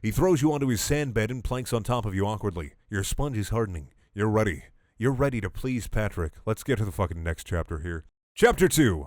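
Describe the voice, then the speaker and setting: A man's voice: lowish voice, expressive, brisk, a little mellow, no echo, studio quality. A young man doing a comedic dramatic reading of fan fiction, breaking off into exasperated, sarcastic, sweary rants. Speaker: online comedy reader.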